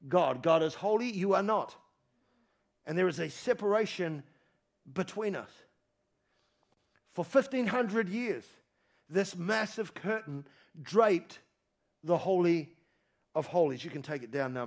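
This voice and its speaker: In a church, a male pastor preaches an animated, emphatic sermon in a high-pitched, creaky voice. He repeats phrases to drive his points home.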